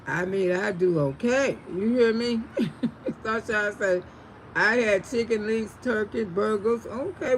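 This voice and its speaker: A woman with a slightly high voice hosts a casual livestream outdoors under a tree, reading viewer comments aloud. Animated and laughing often, she calls people "sugar" and "baby." The recording is rough, with slight background noise.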